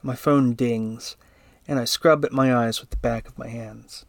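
Guy narrating a story, mid-pitched voice, super dry no room sound. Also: steady tone, a little slow, gravelly, dry recording. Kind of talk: first-person story reading.

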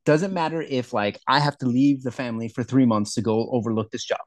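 A man's voice: mid-range voice, fairly quick, no echo. A man co-hosting a podcast in casual chat, emphatic, swearing often and acting out quotes. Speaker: podcast co-host.

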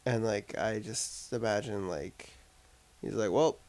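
Gravelly casual man reviewing a film. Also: on the low side, slow pace, darkish tone. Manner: rambling, many "like" fillers. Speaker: podcast co-host discussing a film. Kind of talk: casual chat. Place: upstate New York.

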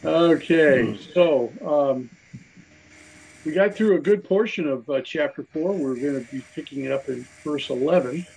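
Gravelly-voiced man teaching a Bible study. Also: on the high side, moderate pace, darkish tone, a little hiss or hum, rough recording. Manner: conversational, with frequent fillers and restarts.

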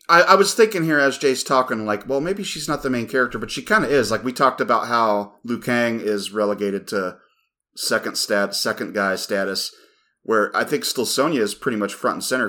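A man co-hosting a podcast chats casually, rambling and swearing as he goes. His voice is fairly low and fairly bright, and he talks at a normal speed.

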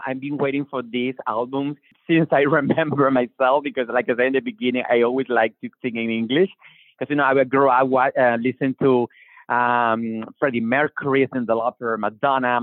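A man with a Latin American Spanish accent and Spanish as his first language, talking about his music in a casual interview. He is animated, restarts his sentences often and acts out quotes. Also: mid-range voice, dry recording. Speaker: singer-songwriter guest. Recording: tinny phone-line call.

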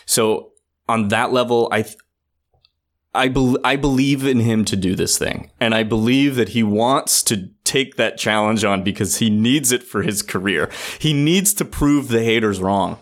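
A man co-hosting a casual film discussion, animated and joking, with plenty of fillers. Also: mid-range voice, unhurried. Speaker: podcast co-host.

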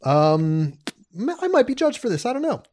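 A man's voice: high-pitched, big pitch swings, moderate pace, a little mellow. A young man co-hosting a podcast, telling a story in casual chat, laughing and mocking himself. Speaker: podcast co-host.

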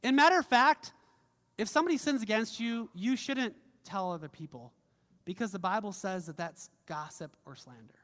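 A male pastor delivering a casual, conversational sermon with animated emphasis. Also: high voice, normal speed, in a large hall.

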